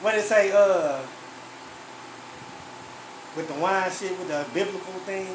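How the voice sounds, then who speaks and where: A man guesting on a casual podcast, cutting in with lively, joking remarks. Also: sits high, measured pace. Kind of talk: casual chat. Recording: echoey room with noise.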